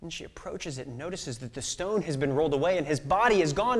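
A man with a notably high voice delivers an impassioned sermon. He retells a scripture story with voices for each figure. His volume swings from ringing peaks down to near-whispers. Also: lively intonation, quick pace, hardly any pauses. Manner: dramatic swings from loud to hushed whisper. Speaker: pastor.

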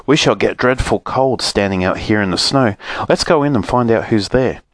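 A man's voice: fairly low pitch, moderate pace, fairly bright tone, no echo. A man voicing an anxious, fussy round-faced storybook character. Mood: shivering.

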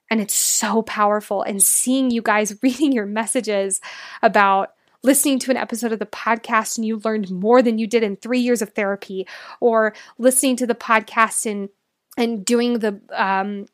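A woman's voice: medium pitch, dry recording, studio quality. A young adult woman hosting a solo podcast as a life coach, speaking in an earnest, emotional, motivational way.

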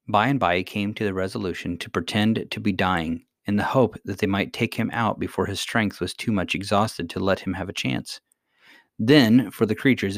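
A man narrating a storybook in a measured, expressive reading. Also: fairly low pitch, no echo, clean studio sound. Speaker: audiobook reader.

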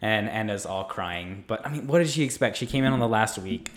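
A man co-hosting a podcast, retelling reality show moments in a lively way and acting out quotes. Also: fairly low pitch, brisk. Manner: animated storyteller, acts out quotes in raised voices. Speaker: podcast co-host. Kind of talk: casual chat recapping a reality show.

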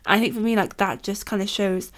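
A woman's voice: mid-range voice, fairly quick. A woman co-hosting a faith podcast, chatty and affirming, with a lot of "like" fillers. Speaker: podcast co-host. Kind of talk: faith-based conversational podcast.

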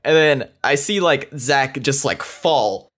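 A man's voice: mid-range voice, lively intonation, slow, fairly bright tone. A young man co-hosting a podcast, telling a story in casual chat, rambling with lots of fillers. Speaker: podcast co-host.

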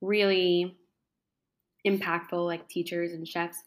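A woman's voice: lowish voice, little pitch movement, takes it slowly. A young woman talking casually in an interview, chatty, with lots of fillers. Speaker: interview guest, culinary school graduate.

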